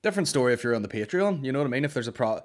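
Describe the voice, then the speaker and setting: A young man hosts a comedy podcast and speaks straight into a close microphone. His voice sits at an ordinary middle pitch. He rants in an exasperated way, peppers every sentence with curses, and slips in quick mock exchanges. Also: lively intonation. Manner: heavy swearing, exasperated ranting, quick acted-out quips. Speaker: podcast host. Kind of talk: casual comedic rant. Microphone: studio podcast microphone.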